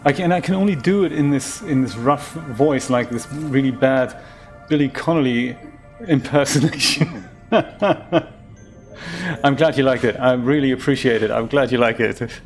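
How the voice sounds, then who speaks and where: A man's voice: medium pitch, normal speed, faint music behind. Chatty man commenting on gameplay. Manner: chatty, rambling, laughs easily. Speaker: game streamer.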